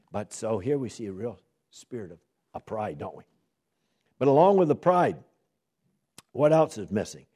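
Husky, animated male Bible teacher. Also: mid-range voice. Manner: reads scripture aloud with dramatic emphasis; asks the class rhetorical questions.

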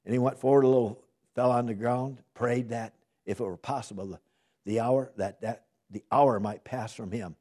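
A man's voice: mid-range voice, fairly even intonation, normal speed, a little mellow. A man teaching a Bible study, reading scripture aloud with dramatic emphasis and asking his class questions. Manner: asks the class rhetorical questions.

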